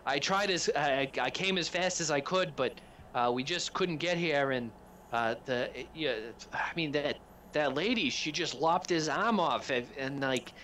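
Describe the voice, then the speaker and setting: A man's voice: on the high side, expressive, a little slow, fairly bright tone, a little hiss or hum, voice pushed up. A man voicing a nervous male lumberjack mechanic who stammers and pleads. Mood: flustered.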